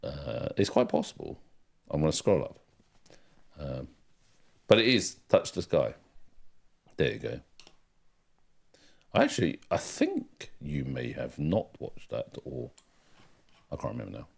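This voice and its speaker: A man's voice: a bass voice, sing-song, measured pace, gravelly, pauses often, husky. A man co-hosting a music livestream, reading out the chat in a rambling, casual way with lots of fillers. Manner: chatty, rambling, with many fillers. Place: home during a music livestream.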